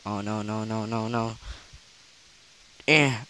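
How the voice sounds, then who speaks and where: A teenage boy gives live commentary on his mobile game, gasping and repeating exclamations while talking loosely with shaky grammar. His mid-range voice is fairly bright and slow-paced, on a rough recording with faint hiss.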